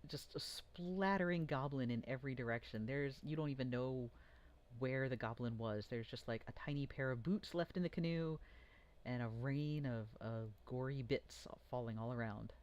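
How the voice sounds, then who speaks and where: A game master narrating a tabletop fantasy game in a playful, animated way. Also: mid-range voice, moderate pace, lo-fi sound.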